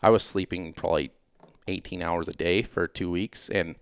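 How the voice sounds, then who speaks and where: Deep-voiced man telling stories, laid-back. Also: fairly even intonation, normal speed, vocal fry, clear, resonant tone, no echo. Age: late 30s. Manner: laid-back, rambling, filler-heavy. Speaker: podcast guest, former racer. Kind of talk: casual interview storytelling.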